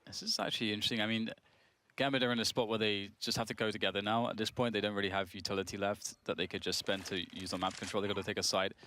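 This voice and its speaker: A man's voice: on the low side, flat delivery, rapid-fire, sharp tone. A man giving thoughtful esports color commentary in a studio, hedging often with fillers. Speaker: esports analyst. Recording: noisy broadcast with game sounds.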